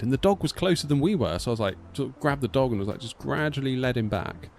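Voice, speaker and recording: Over soft background music, a fast-talking British man in his thirties with a mid-range voice chats casually on a live stream. A flight sim streamer from the United Kingdom, he's a rambling, animated storyteller who acts out the quotes.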